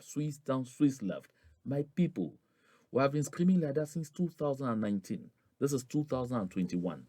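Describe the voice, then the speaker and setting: A man's voice: mid-range voice, darkish tone, no echo, studio quality. A man from gives a rallying political address to his followers, with emphatic, repetitive oratory that climbs on stressed phrases. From Southern Cameroons (Anglophone Cameroon).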